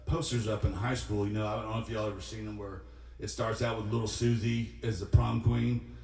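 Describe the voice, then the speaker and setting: A man's voice: fairly low pitch, little pitch movement, a little fast, creaky, a little mellow. A young man, a singer-songwriter, tells a rambling, self-deprecating story between songs at a live-streamed studio show. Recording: roomy studio, mic at a distance.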